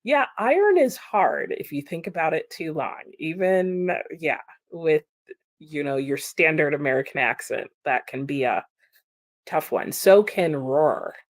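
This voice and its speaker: A woman's voice: sits low, expressive, a little slow, no echo, clean studio sound. A woman hosting a casual livestream, chatting about chat comments with frequent laughs and lots of "like" fillers.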